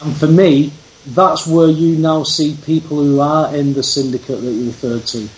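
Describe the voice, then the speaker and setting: A man speaks emphatically in a casual conversation, telling his story. His voice sits slightly high for a man. The recording sounds roomy and dull, with faint noise behind it. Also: steady tone, normal speed.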